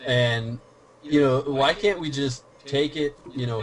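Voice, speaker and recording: A man's voice: mid-range voice, unhurried, poor audio. A man hosting a casual online chat, talking loosely with lots of fillers and some teasing. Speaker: channel host.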